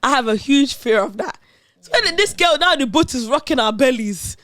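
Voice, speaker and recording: A young woman hosting a podcast, telling stories in an animated, dramatic way. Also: high-pitched, moderate pace, no room sound. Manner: animated, dramatic retelling with laughter. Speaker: podcast host. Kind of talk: casual storytelling chat.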